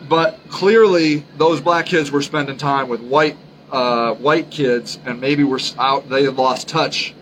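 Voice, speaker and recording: A man speaking alone on his podcast at a middling pitch, earnest and insistent. He circles back to the same points again and again and trips over his sentences as he goes. A faint hiss runs beneath his voice. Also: a bit bright, low-quality recording. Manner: halting, frequent restarts. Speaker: podcast host. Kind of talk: solo podcast monologue.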